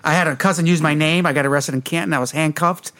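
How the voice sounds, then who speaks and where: Fast-talking, laughing man from Detroit. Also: fairly high pitch, fairly even intonation, bright, forceful tone. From Detroit, Michigan. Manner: rambling, profane, laughs while telling stories. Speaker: podcast co-host. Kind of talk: casual storytelling.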